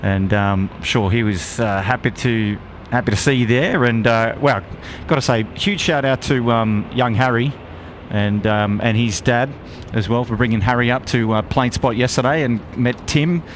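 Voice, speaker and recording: A man with an Australian accent hosting a live stream outdoors, reading out viewer shout-outs in a friendly, upbeat way. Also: mid-range voice, moderate pace, a little hiss or hum. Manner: upbeat, friendly, lots of "g'day, mate". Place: outdoors at an airport plane spotting spot.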